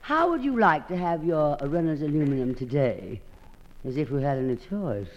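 Brief: grand, theatrical hostess, lively delivery, faint hiss on old radio. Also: female voice, deep voice, normal speed, dull audio. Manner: grand and theatrical, says darlings. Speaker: show hostess.

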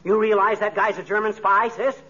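A man playing an excitable, boastful, suspicious husband in a 1940s radio comedy, with a folksy, blustering delivery. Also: high voice, a little fast. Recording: dull lo-fi old radio recording with faint hiss.

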